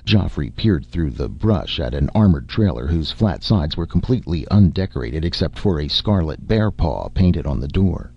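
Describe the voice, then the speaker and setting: A man reading a story aloud in measured, expressive narration, in a dull lo-fi recording. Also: a bass voice, vocal fry, slightly rough. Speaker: audiobook narrator. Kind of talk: scripted narration.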